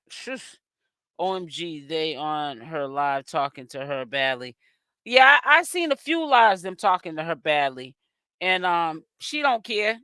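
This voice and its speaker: On her live stream, a celebrity gossip channel host reads viewers' chat aloud, sassy and chatty, her exclamations drawn out long. She's a Boston, Massachusetts native with a Boston accent and a mid-range voice that is bright, forceful, clear and resonant. The clip is a dry recording in a clean studio.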